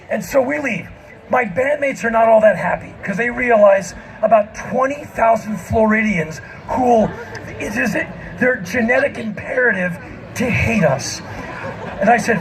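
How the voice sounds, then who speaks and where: A man performing live comic storytelling on an outdoor festival stage, animated and self-mocking, often shouting. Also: high voice, normal speed, background noise. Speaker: spoken-word performer.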